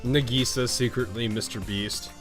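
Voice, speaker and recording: A man's voice: mid-range voice, steady tone, normal speed, soft background music. A man streaming a story game, reading its dialogue aloud and chatting between lines in a rambling, laughing way.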